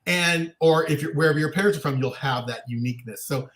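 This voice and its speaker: A man's voice: on the high side, fast, a bit bright, slight background noise. A man co-hosting a casual livestream chat show, talking in a chatty way and laughing easily. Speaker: co-host.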